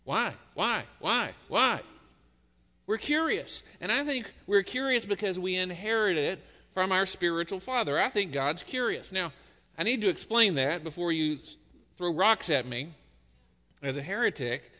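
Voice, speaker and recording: A pastor delivers a relaxed, joking sermon in a church sanctuary. His voice is fairly high and ringing bright, and the sound carries a long reverb through the hall. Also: moderate pace. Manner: conversational, joking.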